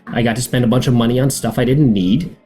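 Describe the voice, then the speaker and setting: Man, podcast chat, mellow voice, upbeat, rambling and jokey. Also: medium pitch, quick pace, faint music behind. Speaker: podcast guest player. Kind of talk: casual chat.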